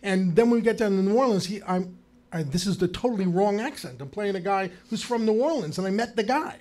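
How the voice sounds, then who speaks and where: A man's voice: high voice, animated, darkish tone. A man from Georgia, a guest actor, telling stories casually with jokey wisecracks on a live stage. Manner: jokey, quick interjections and wisecracks. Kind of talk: casual storytelling. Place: live stage before an audience.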